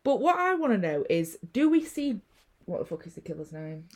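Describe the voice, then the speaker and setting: A young woman co-hosting a casual film-review chat, telling the plot in a sweary, animated way and acting out the characters' lines. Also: medium pitch, fairly quick. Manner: sweary, animated storytelling with acted-out quotes. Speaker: podcast co-host.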